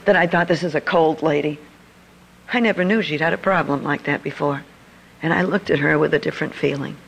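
A woman's voice: sits low, quick pace, vocal fry, a bit bright, breathy edge, rough recording. An older woman telling a personal story to an audience in a confiding manner. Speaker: speaker. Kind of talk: storytelling talk.

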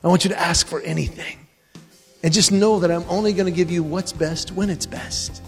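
A man voicing God, who speaks to him softly and quietly. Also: high voice, steady tone, brisk, slightly rough, faint music behind. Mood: gentle.

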